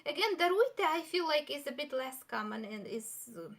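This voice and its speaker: A young adult woman giving a recorded language lesson. She explains step by step, gives example sentences and repeats key words slowly. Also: sits high, very animated, fairly bright tone. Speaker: language teacher.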